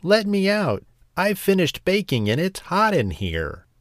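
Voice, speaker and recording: A man voicing a tiny, boastful gingerbread man in a high, sing-song, taunting voice. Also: wildly swooping pitch, a little slow, dry recording, studio quality, full character voice. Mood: pleading.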